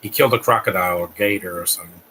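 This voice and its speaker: Blunt man ranting, bright voice. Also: low-pitched, very fast, a little hiss or hum, poor audio. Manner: blunt, ranting critic with frequent restarts. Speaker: live stream host. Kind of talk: movie reaction commentary.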